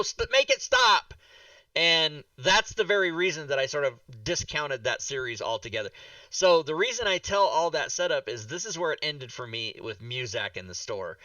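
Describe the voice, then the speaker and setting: A man hosting a podcast, telling a rambling, animated story full of swearing and acted-out reactions. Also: mid-range voice, dry recording, recorded from a distance, rough recording. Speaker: podcast host. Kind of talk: casual chat.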